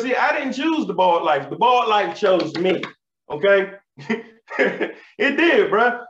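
A man in his thirties doing stand-up comedy, telling animated, profane stories in street slang. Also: sits high. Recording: roomy, slightly dull live recording.

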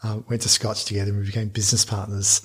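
A man, a business founder telling a long anecdote in a podcast interview, lively and full of restarts. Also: on the low side, quick pace, husky. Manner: animated anecdote telling with frequent restarts and laughs.

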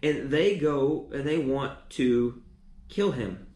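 Echoey male preacher, halting repeats. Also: mid-range voice, darkish tone. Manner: repeats words often, restarts. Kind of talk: sermon teaching.

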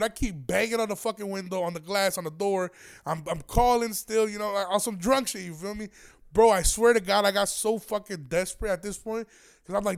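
A man's voice: high voice, a little fast, gravelly. A man in his twenties telling a rambling, profane, slang-heavy story in casual chat. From Aurora, Illinois area.

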